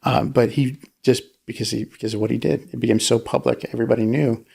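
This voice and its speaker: A man with a gravelly, creaky voice talks loosely through a podcast discussion. He retells stories with lots of restarts and fillers, and jumps up high when he acts out a line. His pitch sits in the middle range. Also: fairly even intonation, fast, a little mellow. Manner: rambling, many restarts, acts out quotes in a high voice. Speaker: podcast co-host. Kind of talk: casual discussion.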